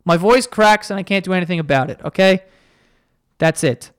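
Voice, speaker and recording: A man's voice: sits high, moderate pace, a bit bright, smooth, dry recording, clean studio sound. A young man hosting a podcast alone, chatting casually and rambling through an ad read, his voice cracking now and then. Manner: rambling, self-deprecating, voice cracking. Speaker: podcast host.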